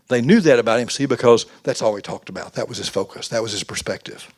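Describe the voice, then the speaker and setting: A man's voice: mid-range voice, animated, fast, few pauses. A man giving a folksy, conversational youth sermon, acting out quotes as he goes. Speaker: youth pastor.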